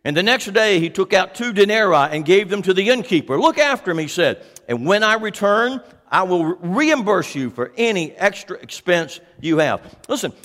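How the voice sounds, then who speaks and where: A male pastor delivers a sermon in a high voice that swings widely up and down. He takes his time, leaning on each phrase and turning to his listeners with questions. A long hall reverb trails every word. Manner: animated, asks the congregation questions.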